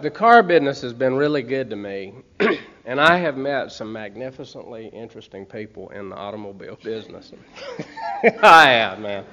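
A man's voice: medium pitch, a bit bright. A middle-aged man with a Southern US accent tells humorous personal stories to an audience in a folksy way, often checking in with "okay?" and "man". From Montgomery, Alabama. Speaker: speaker sharing a recovery story. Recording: slightly muffled recording.

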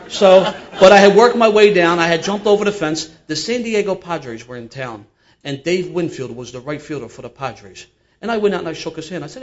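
A man's voice: fairly high pitch, brisk, muffled recording. Older Philly man spinning a yarn. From Philadelphia. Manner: animated, laughing through his own tale. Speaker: storyteller guest. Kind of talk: casual storytelling.

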